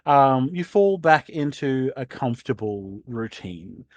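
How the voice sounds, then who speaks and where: Game master, man, rambling and casual, animated pitch, dry sound. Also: slow, no room sound. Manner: rambling, filler-heavy. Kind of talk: narrating a tabletop game.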